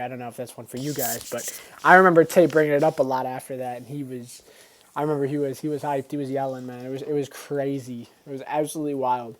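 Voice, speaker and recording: Animated young man telling stories. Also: on the high side. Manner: animated, acts out quoted voices, slangy. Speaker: vlogger. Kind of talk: casual storytelling.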